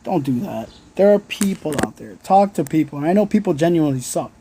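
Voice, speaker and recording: A man's voice: a little high, expressive, brisk, background noise. A man hosting a live stream from his phone, giving blunt, earnest pep talk to his viewers and swearing freely. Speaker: livestream host. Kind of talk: casual motivational livestream talk.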